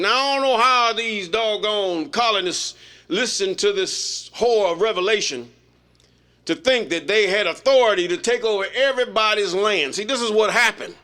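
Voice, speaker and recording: A man with a fairly high, forceful voice teaches an informal Bible study. He reads scripture aloud and then breaks off into loose, folksy commentary. His delivery is emphatic and conversational. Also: moderate pace.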